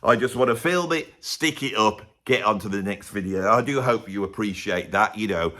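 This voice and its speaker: Animated man ranting to camera. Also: lowish voice, normal speed. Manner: animated, sarcastic, swings between loud and muttered asides. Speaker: music vlogger. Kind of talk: casual opinionated rant to camera.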